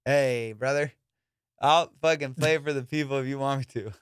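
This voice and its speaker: A man hosting a comedy podcast, telling a story in a profane, animated way and acting out the quotes. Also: medium pitch, normal speed, smooth, no echo, studio quality. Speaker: podcast host.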